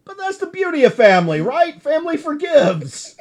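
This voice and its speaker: A man's voice: very high-pitched, big pitch swings, normal speed, background noise, voice pushed up. A man voicing a big, hulking, friendly brother from a comic, using a put-on Russian accent. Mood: smug.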